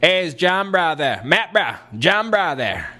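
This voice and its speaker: A man's voice: fairly high pitch, sing-song, a little slow, sharp tone, pitched above the performer's own voice, exaggerated voice. A man voicing a laid-back, friendly Texan party guy who drawls and ends every phrase with "bruh". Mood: urgent, friendly.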